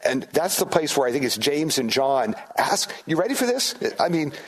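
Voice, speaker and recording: A middle-aged man preaching a sermon as pastor, in a conversational, animated way, with frequent restarts and asides to the congregation. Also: on the high side, normal speed. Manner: conversational, animated, acts out disciples' voices.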